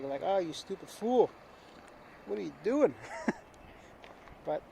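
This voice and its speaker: A man with a fairly high voice talks straight to his handheld camera while climbing around outdoors. He chats casually and pokes fun at himself. Wind and city noise come through clearly on the outdoor mic. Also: darkish tone, poor audio. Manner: chatty, self-mocking, talks to camera. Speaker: travel vlogger. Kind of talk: casual vlog narration. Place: outdoors on rocky hills above a city. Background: traffic, car horns and dogs outdoors.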